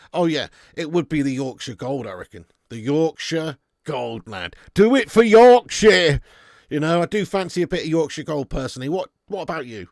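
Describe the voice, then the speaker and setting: A man's voice: on the high side, no room sound, clean studio sound. A man hosting a casual fan livestream, reading out viewer chat with blunt, jokey banter and frequent swearing. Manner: blunt, jokey, swears freely, calls viewers mate and lad. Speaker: fan channel host reading live chat.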